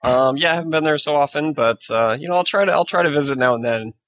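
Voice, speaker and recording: A man's voice: on the high side, quick pace, fairly bright tone, no echo, poor audio. A man co-hosting a casual podcast, talking in a hesitant way with many fillers and restarts. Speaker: podcast co-host.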